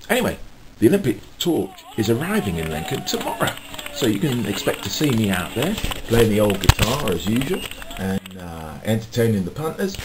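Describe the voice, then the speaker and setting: A man chats to his camera in a rambling, low-pitched voice that rises and falls a lot. He keeps stopping for fillers and little chuckles, with a faint hum of noise behind him. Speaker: vlogger and street musician. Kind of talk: casual chat to camera.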